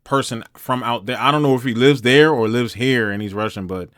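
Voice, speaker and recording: A man's voice: mid-range voice, brisk, a bit bright. A man giving blunt, slangy, sarcastic commentary while reacting to a video.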